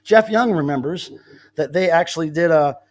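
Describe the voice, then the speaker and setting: A man's voice: a little high, normal speed. A man hosting a casual live stream, telling rambling stories with many restarts. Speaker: livestream host.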